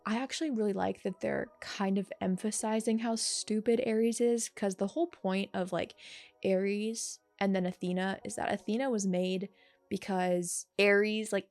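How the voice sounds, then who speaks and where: A woman casually reviewing a TV episode in a chatty, sarcastic way, with animated asides. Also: mid-range voice, gravelly. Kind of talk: casual video commentary.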